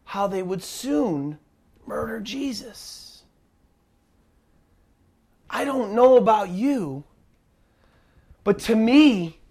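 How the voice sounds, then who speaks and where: A man preaching a sermon as pastor, emphatic, dropping to a hush and rising to near shouts. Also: very high voice.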